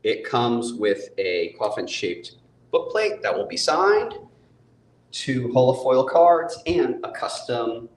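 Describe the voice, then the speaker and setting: A man's voice: medium pitch, big pitch swings, slow pace. A man hosting a casual live-stream chat, upbeat and chatty. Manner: upbeat, chatty, laughs often. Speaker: host and comic book publisher. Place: studio set with a bar. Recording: echoey room.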